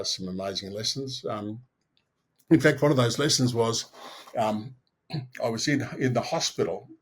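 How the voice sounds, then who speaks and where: A man's voice: lowish voice, breathy edge. An Australian man in his sixties, a podcast guest telling personal stories frankly and animatedly, acting out the people he quotes. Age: 60s. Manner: animated storyteller who acts out quoted dialogue; frank and earthy, with mild swearing. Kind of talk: personal storytelling in an interview.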